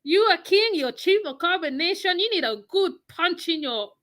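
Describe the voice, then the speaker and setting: A woman's voice: extremely high pitch, expressive, normal speed, fairly bright tone. A woman with a West Indian accent giving mocking reaction commentary, scolding and repeating her phrases for emphasis. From West Indies. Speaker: channel host.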